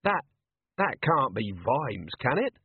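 A man's voice: mid-range voice, big pitch swings, takes it slowly, breathy edge, pitched above the performer's own voice, exaggerated voice. A man reading an audiobook voices a startled, wary male ship captain who speaks nervously and hesitantly. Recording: tinny phone-like line, dry.

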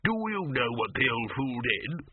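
A man voicing a scheming wizard who grumbles in a slow, conspiratorial way. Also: medium pitch, big pitch swings, husky, no echo, narrow, tinny audio. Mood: grumbling.

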